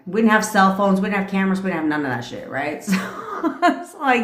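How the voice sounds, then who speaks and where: A woman's voice: medium pitch, expressive, fast talker. Blunt, swearing woman ranting in a roomy room. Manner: profane, blunt and laughing. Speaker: manifestation coach. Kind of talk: casual storytelling rant on a livestream. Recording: roomy echo.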